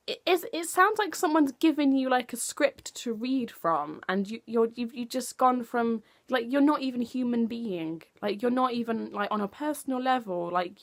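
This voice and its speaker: Young woman, political vlog rant, higher voice, heated and sweary, filler-heavy. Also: animated, moderate pace. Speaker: political vlogger.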